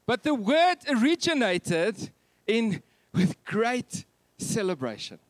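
A man, preaching a Christmas sermon in an animated, joking way that swings between loud and soft. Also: high-pitched, slow pace, no echo. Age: 30s. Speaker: pastor.

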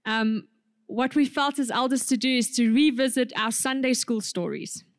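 A woman's voice: on the high side, moderate pace, dry recording, studio quality. A woman introducing a sermon in church, chatty and informal. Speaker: preacher.

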